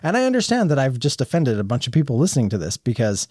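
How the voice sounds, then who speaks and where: A man's voice: medium pitch, wildly swooping pitch, quick pace, darkish tone, no echo, studio quality. A man hosting a casual board game podcast, chatty and steering the talk. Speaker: podcast host. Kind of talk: casual chat.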